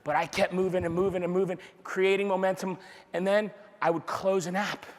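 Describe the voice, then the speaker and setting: A man with a high voice leads a motivational sales training for a live crowd. He repeats his points over and over, fires rhetorical questions and acts out dialogue. His voice rings with the long reverb of a big hall. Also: a little fast. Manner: energetic and repetitive, drives points home with rhetorical questions. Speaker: sales team leader giving a motivational training talk. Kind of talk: motivational speech to a live audience. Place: large room with an audience.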